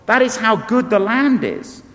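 A man delivers a sermon in a high voice, animated and emphatic, then dropping to hushed low tones. His voice rings out with the long reverb of a large hall. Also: unhurried. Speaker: preacher.

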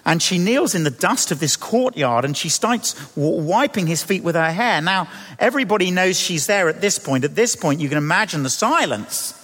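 A man, a vicar, preaching a sermon and telling the story with lively acted-out voices. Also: high-pitched, normal speed, in a large hall.

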